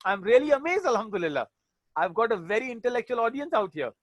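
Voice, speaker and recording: A man's voice: high-pitched, lively intonation, fast, a bit bright, no echo. Male teacher, online session, casual jokes and Arabic phrases, bone-dry mic. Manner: chatty, jokey, sprinkles Arabic religious phrases. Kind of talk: online class talk.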